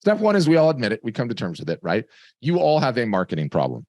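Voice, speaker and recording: A middle-aged man hosting a webinar over a video call, giving a lively, conversational sales pitch. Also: fast talker, no echo, clean studio sound. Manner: lively, conversational, tells stories with acted voices. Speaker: webinar host.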